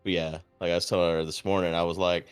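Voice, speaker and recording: A man streaming and chatting casually, telling a story in a deadpan way with lots of swearing, acting out quotes. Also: deep voice, fast talker, smooth, faint music behind. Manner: profane, deadpan. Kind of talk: casual chat.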